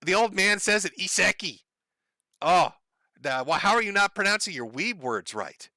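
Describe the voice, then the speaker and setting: A man's voice: high-pitched, sing-song, moderate pace, pushed and bright, no echo, clean studio sound. A middle-aged man streaming, chatting casually, reading donations and swearing freely with a wry, joking manner. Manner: profane, wry, laughs at his own jokes. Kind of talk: casual live-stream chat.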